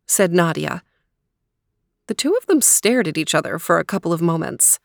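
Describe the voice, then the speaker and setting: A woman narrating a fairy tale in a clear, expressive storybook reading. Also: lowish voice, moderate pace, pauses often, no room sound, studio quality.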